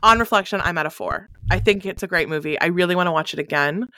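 A woman with a lowish voice talks quickly in a pushed, bright tone, recorded cleanly in a studio with no room sound. She co-hosts a podcast, chatting casually about a movie and laughing often.

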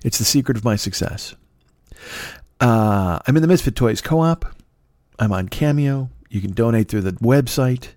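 A man's voice: medium pitch, expressive, moderate pace, a little mellow, no echo. A middle-aged man in his fifties talks alone into the mic, rambling from one gripe to the next. He swears freely and mocks himself as he goes, and the sound is dry and close. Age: 50s. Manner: profane, self-deprecating, rambling. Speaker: podcast host. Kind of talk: rambling solo podcast monologue.

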